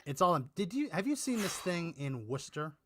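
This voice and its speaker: A man's voice: fairly high pitch, very animated, fairly quick, a little hiss or hum. A man hosting a casual political chat show, meandering and restarting his sentences with the odd chuckle. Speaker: podcast co-host.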